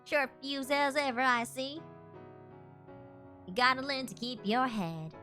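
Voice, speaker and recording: A woman's voice: high voice, measured pace, sharp tone, soft background music. A woman voicing a fond, teasing young woman in a game read-along. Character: teasing young woman leaving her friend.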